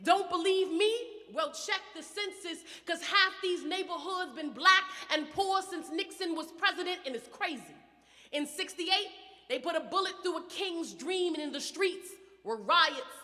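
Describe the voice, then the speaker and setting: Hoarse woman poet, bright and high. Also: unhurried. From Baltimore, USA. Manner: rhythmic, emphatic delivery building to loud peaks. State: hoarse, getting over a cold. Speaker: spoken word poet. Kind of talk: spoken word poetry performance. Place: theater stage before an audience. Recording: long theater reverb.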